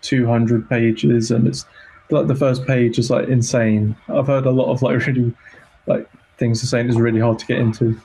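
A man's voice: medium pitch, flat delivery, normal speed, warm tone, slight background noise, poor audio. A man who is a podcast guest, speaking hesitantly with lots of fillers as he discusses a film. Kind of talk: casual film review chat.

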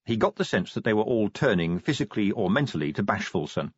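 Brief: a man narrating a fantasy audiobook, expressive and husky, dry close sound. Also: fairly low pitch, fast talker, no echo, muffled recording.

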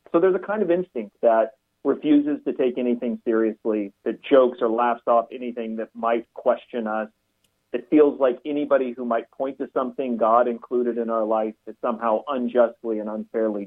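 A man, a pastor and author, talking as a guest on a radio interview in a measured, explanatory way over a narrow, phone-like line. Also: mid-range voice.

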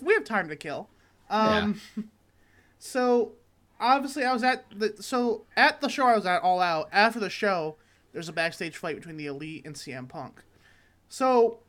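Tired and not quite warmed up, this young Michigan podcast co-host speaks in a fairly high voice. In casual comedic chat, he works his way through a long, swear-filled, meandering story full of restarts.

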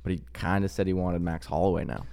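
A man's voice: low voice, steady tone, quick pace, creaky, mellow, smooth. A man co-hosting a casual podcast chat, asking questions and answering with short agreeing replies. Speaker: podcast co-host.

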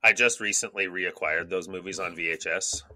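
A man's voice: sits low, moderate pace, bright, forceful tone, no echo. A man in his thirties from Canada, co-hosting a casual podcast, rambling and swearing freely as he acts out his own thoughts. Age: 30s. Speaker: podcast co-host. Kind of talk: casual chat.

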